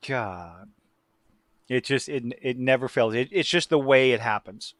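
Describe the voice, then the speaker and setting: A man's voice: mid-range voice, unhurried, fairly bright tone, no echo, studio quality. A man hosting a casual podcast chat, talking loosely and profanely, with many restarts and tangents. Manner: profane, rambling with frequent restarts. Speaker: podcast host; work supervisor who takes many calls.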